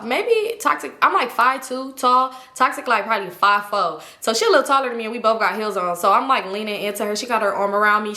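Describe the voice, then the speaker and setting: A woman vlogger telling a casual, animated story in slangy talk. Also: a little high. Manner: animated, slangy, acts out quotes. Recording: roomy echo.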